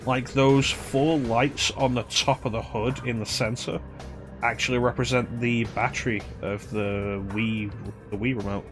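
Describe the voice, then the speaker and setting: A man's voice: medium pitch, fairly even intonation, measured pace, faint music behind. A man casually commenting on a game he is playing, rambling and humming to himself between remarks. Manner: rambling, chatty, hums and scats to himself. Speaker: streamer.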